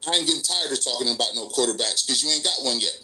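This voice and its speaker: A man's voice: mid-range voice, fast, bright, forceful tone, poor audio. A man on a sports talk show, arguing emphatically and repeating points for stress.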